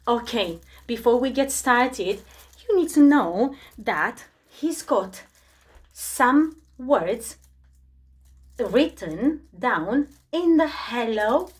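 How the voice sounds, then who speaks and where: A woman teaching preschool children, gentle and encouraging as she leads a reading game. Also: a little high, expressive, slow pace, long pauses, breathy edge. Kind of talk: children's lesson.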